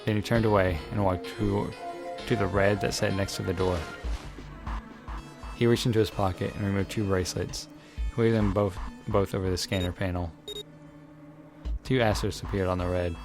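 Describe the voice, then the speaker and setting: Low-voiced man reading a game aloud. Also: fairly even intonation, normal speed. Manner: dramatic reading with swearing asides. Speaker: let's player. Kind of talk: reading a visual novel aloud with commentary. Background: game music.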